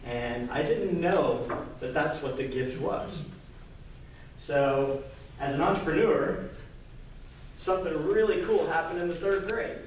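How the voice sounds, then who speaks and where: A man from Kentucky giving a lively storytelling pitch to a live audience, acting out the dialogue as he goes. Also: a little slow, long pauses, slight background noise. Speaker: entrepreneur presenter. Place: live event room, indoors. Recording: echoey room, mic far off.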